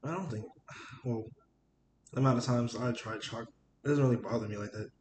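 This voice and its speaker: Easygoing male co-host, quick reactions, echoey room sound. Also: medium pitch, a little mellow, slight background noise. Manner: easygoing, laughs a lot, short reactions. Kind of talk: casual chat.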